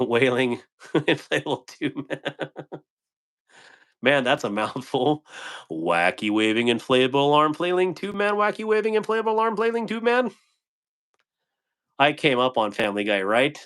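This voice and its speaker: A man's voice: mid-range voice, a bit bright. A man hosting a live stream, reading and answering chat comments in a playful way, laughing often and tripping over tongue twisters.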